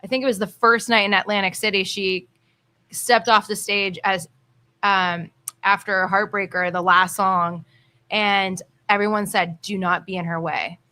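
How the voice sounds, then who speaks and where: A female singer recounting a backstage story as a guest in a casual chat. Her voice is bright and crisp, and she talks with eager enthusiasm. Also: mid-range voice, fairly even intonation, unhurried.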